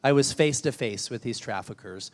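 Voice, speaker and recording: A man's voice: mid-range voice, normal speed. A man giving a storytelling keynote speech, earnest and emphatic, often repeating words as he restarts a thought. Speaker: keynote speaker. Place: large event hall. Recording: long hall reverb.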